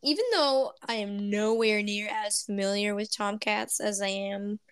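A woman co-hosting a podcast in casual chat, supportive, quick to laugh and giving short replies. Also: mid-range voice, steady tone, slight background noise. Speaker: podcast co-host.

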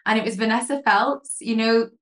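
A woman guest chatting in an interview, telling lively stories full of fillers and acting out what people said. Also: on the high side, normal speed. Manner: lively storyteller, many fillers, acts out quotes. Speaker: guest, pageant queen and photographer. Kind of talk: casual interview chat.

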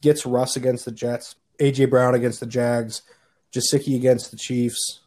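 Man on a podcast, warm mellow voice, sarcastic and teasing. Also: medium pitch, little pitch movement, normal speed. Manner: teasing, dry sarcastic jabs. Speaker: fantasy league co-host. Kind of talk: casual podcast banter.

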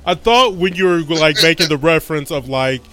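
Man, casual podcast banter, high-ish voice, sarcastic, swears a lot. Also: brisk, pushed and bright, soft background music. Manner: swearing, sarcastic, rambling with fillers. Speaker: podcast co-host. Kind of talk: casual chat.

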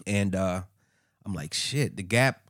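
Low-voiced man, rambling podcast co-host. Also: animated, slow pace, a bit bright, no echo, studio quality. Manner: loose, rambling storytelling with fillers. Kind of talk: casual chat.

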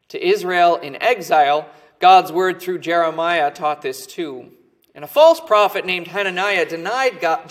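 A male pastor preaching with a somewhat high voice. He speaks earnestly and stresses his key words, letting the ends of his phrases drop off quietly. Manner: earnest, emphatic preaching with falling phrase endings. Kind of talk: sermon.

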